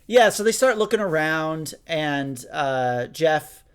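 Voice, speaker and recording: A man's voice: on the high side, lively intonation, slow pace, clean tone. A young man co-hosting a podcast, rambling through a story recap with lots of restarts. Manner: rambling, frequent restarts and fillers. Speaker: podcast co-host. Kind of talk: casual chat reviewing an audio drama.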